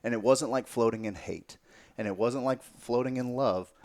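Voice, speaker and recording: A man appears as a podcast guest and tells a story in casual, lively talk, cursing freely and now and then sinking to almost a whisper. His pitch is medium and his pace moderate.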